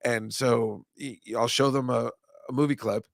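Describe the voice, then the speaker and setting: A man's voice: medium pitch, steady tone, moderate pace, gravelly, no room sound, clean studio sound. A man chatting casually as a comedian co-host, rambling and joking, laughing often. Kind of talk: casual chat on a live-streamed show.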